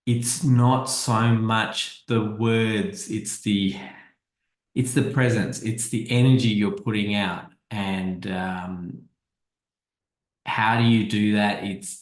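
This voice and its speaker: A man's voice: on the low side, echoey room, rough recording. A man giving a casual marketing presentation over slides, talking conversationally and often restarting and repeating his words.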